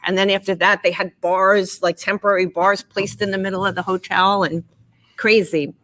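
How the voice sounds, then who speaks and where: A middle-aged woman from New York, guest on a live stream, chatting warmly and telling stories with quoted dialogue. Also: mid-range voice, flat delivery, normal speed. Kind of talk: casual live-stream chat.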